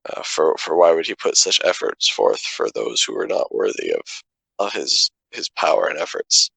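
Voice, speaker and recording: A man playing a tabletop game, speaking for his character in a halting, hesitant way. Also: a bass voice, big pitch swings, creaky, fairly bright tone, husky, no echo, low-quality recording. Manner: halting, many fillers and restarts. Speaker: player.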